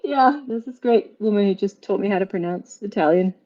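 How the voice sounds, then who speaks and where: An Australian woman chatting casually as a guest, upbeat and quick to agree. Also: mid-range voice, muffled recording. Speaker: guest, actor and audiobook narrator. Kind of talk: casual chat.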